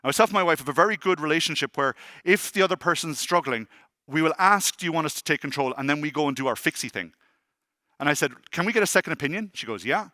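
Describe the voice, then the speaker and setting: Male conference speaker, lively storyteller, pitched a touch high, crisp and forceful. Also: quick pace, no echo, studio quality. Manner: animated, self-deprecating storyteller acting out dialogue. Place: conference hall stage.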